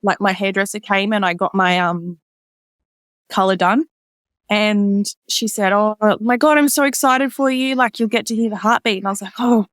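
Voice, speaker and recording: A woman's voice: little pitch movement, moderate pace, a bit bright, dry recording. Woman on a podcast, chatty, tons of "like", pops her voice up when quoting ppl, dry sound. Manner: chatty, many "like" fillers; acts out others' lines in a higher voice. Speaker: podcast guest. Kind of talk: personal storytelling in casual chat.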